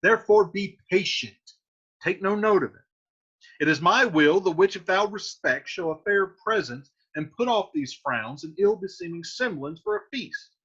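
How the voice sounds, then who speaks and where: A man's voice: sits high, expressive, normal speed, bright, forceful tone, breathy edge, lo-fi sound, pitched above the performer's own voice, heavily acted. A man voicing a commanding older head of a household who scolds a younger relative with authority. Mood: placating.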